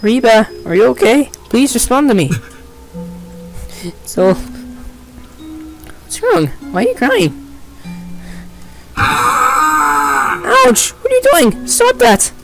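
A man voicing a frightened young man in a fan game dub, yelping and pitched up. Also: expressive, a little slow, pauses often, over music, full character voice, rough recording. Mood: panicked.

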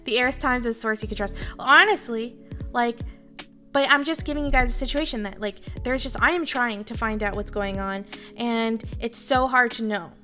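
A woman's voice: a little high, normal speed, pushed and bright, faint music behind. A Canadian woman streamer talking casually to her viewers, candid and rambling, swearing freely. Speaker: VTuber streamer.

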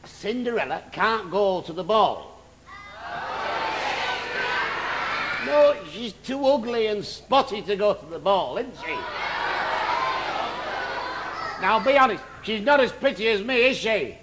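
A man in drag playing a catty pantomime ugly sister who bickers and teases, voice pitched high. It is a live theatre recording, with a loud audience and noise behind. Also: big pitch swings, normal speed, few pauses, over a noisy crowd. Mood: scheming. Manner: bickering, teasing, ad-libbing with laughs. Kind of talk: live pantomime stage comedy. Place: theatre stage.

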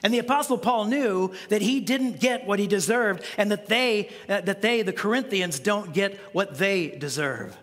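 A male pastor preaches in a loose, conversational way, stumbling over and repeating words as he goes. His voice sits high and sounds bright and forceful. Long reverb from the church hall trails every phrase. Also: normal speed, few pauses. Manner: conversational preaching with frequent restarts and stammered repeats. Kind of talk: sermon. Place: church sanctuary.

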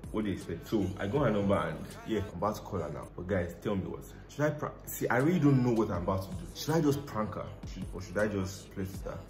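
Deep-voiced young man vlogging playfully. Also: fast, hardly any pauses. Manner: chatty, playful, addresses viewers directly. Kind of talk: casual vlog talk to camera. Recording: echoey room with music behind.

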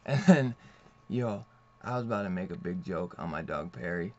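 A man's voice: low-pitched, expressive, normal speed. A man reviewing a comic book in a loose, rambling way, swearing freely and laughing often. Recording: dull lo-fi recording.

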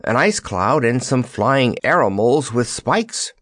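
A man's voice: mid-range voice, sing-song, measured pace, a bit bright, no echo, studio quality, voice pushed up. A man voicing a spirited, plucky young woman in a storybook reading, with a lifted eager delivery.

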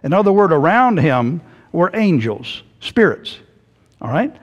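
A male pastor preaching a sermon, telling the story in an animated way and acting out the voices. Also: fairly high pitch, a little slow, muffled recording. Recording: hall reverb.

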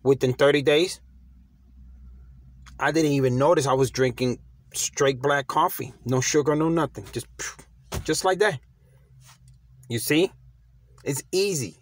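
A middle-aged motivational vlogger talks in a medium-pitched voice, unhurried and pausing often. His delivery is casual, slangy, and conversational, emphatic, with repetition as he restarts his phrases.

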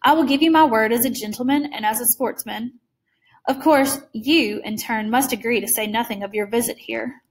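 A suave, menacing older general, put on by a woman reading a story aloud, speaking with polished and amused courtesy. The voice sits fairly high and never loses its smooth poise. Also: moderate pace, natural voice. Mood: courtly.

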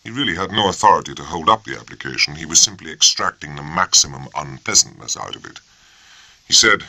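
Male audiobook narrator, deep and lively-toned, dry close-mic read. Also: a little fast, gravelly, no echo. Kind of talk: scripted narration.

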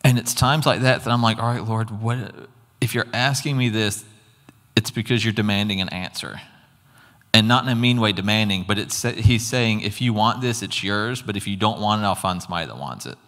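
A man's voice: on the low side, brisk, fairly bright tone. A man giving an earnest, conversational sermon testimony with casual asides. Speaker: preacher. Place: church hall. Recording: long hall reverb.

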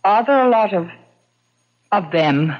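A woman's voice: mid-range voice, animated, measured pace, lightly acted. An actress playing a lonely widow who dotes on her ghost husband, in old-time radio drama style. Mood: doting. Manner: gushing, pleading, doting. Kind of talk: 1940s radio acting. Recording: muffled old radio broadcast.

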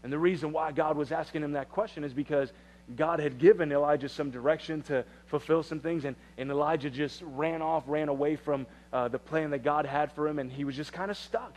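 Guy preaching a sermon, fairly high voice, chatty and repeats himself a lot, goes real quiet sometimes. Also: brisk, slight background noise. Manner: conversational, repeats phrases and restarts, drops to a hush for quiet passages. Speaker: pastor.

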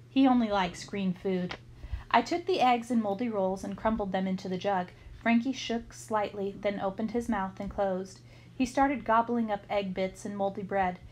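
A woman reading a children's chapter book aloud, telling the story in a lively, expressive way. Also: mid-range voice, a little hiss or hum, low-quality recording. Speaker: storybook reader.

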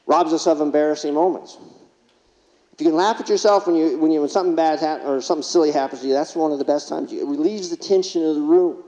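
A keynote speaker with a fairly high pitch and dark tone tells humorous stories in a conference hall, acting out things his patients said. The audio is lo-fi and carries a long hall reverb.

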